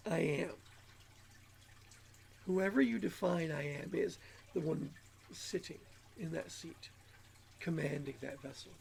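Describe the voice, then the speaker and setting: A man's voice: on the high side, slow pace, vocal fry, pauses often, slight background noise. A man hosting his channel in a rambling self-help monologue, sounding a little nasal from allergies. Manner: rambling, musing, repeats words. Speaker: channel host.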